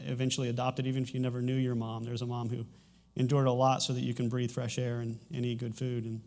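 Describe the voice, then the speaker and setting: A man's voice: medium pitch, monotone, fast, a little mellow. A man in his thirties preaching a sermon as a pastor, talking conversationally with frequent restarts and a light humorous touch.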